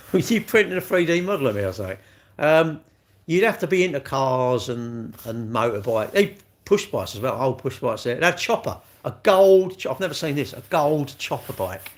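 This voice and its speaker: A man's voice: mid-range voice, lively intonation, moderate pace. A man, chatting bluntly with viewers on a livestream, swearing freely and calling everyone mate. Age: 60s. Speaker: livestream host. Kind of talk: casual chat reading live comments.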